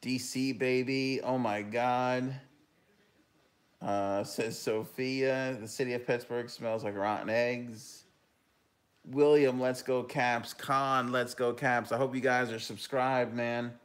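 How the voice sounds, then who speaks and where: A young man hosting a live hockey talk stream, reacting to a game and reading viewer comments, with bursts of loud enthusiasm. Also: medium pitch, steady tone, takes it slowly.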